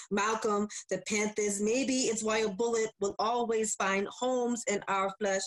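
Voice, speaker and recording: A woman educator with a middle-pitched voice talks loosely and with feeling over her phone on a video call. She moves into spoken word poetry, delivered slowly and with force. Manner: laid-back and emotional in chat, slow and forceful when reciting. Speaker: educator and poet.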